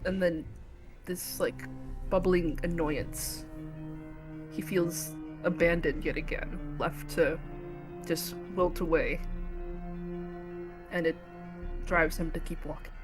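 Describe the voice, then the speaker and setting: A woman describes her character's moves in a loose, casual way during a tabletop game. She speaks slowly and hesitantly. Music plays faintly in the background. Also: lowish voice, fairly even intonation. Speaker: player. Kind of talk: casual chat.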